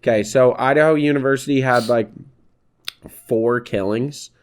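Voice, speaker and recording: A young man co-hosting a podcast in a relaxed, chatty way. His voice sits at an average pitch, and he mostly agrees and keeps the talk easy. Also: normal speed, clear, resonant tone. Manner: laid-back, agreeable, chatty. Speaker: podcast co-host. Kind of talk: casual chat.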